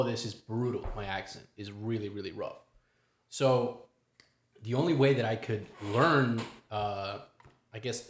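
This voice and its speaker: A man from Miami with a Miami accent, a podcast co-host telling rambling, jokey stories in casual chat. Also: on the low side. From Miami, United States. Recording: roomy echo.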